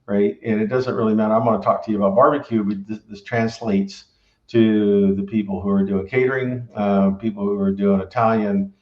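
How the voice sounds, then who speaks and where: A man's voice: lowish voice, fairly even intonation, fairly quick. Middle-aged man rambling with tag questions. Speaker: barbecue restaurant owner and former engineer. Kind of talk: casual conversational storytelling. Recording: roomy, dull recording.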